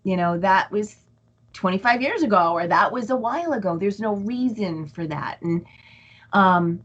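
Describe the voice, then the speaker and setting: A woman's voice: mid-range voice, normal speed, muffled recording. A woman speaking as an interview guest, casually telling stories and acting out her own inner voice. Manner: animated storytelling, acts out her own inner voice. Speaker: guest, empath coach.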